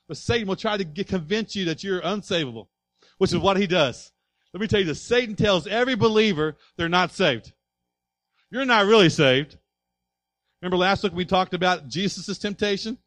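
A male pastor delivering a sermon, emphatic, swinging from quiet asides to loud passages and asking the congregation rhetorical questions. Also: sits high, fairly quick, dry recording.

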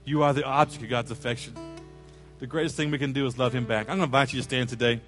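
A man preaching a sermon, telling a story with lively acted-out quotes and asides to the congregation. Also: mid-range voice, fast talker, faint music behind. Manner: animated storyteller, acts out quoted voices, jokes with congregation. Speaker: pastor. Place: church sanctuary.

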